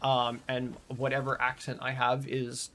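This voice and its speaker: A man's voice: mid-range voice, completely flat delivery, a little slow, bright, forceful tone. A man from Australia with an Australian accent, casually chatting and swearing while streaming a game and reading out chat.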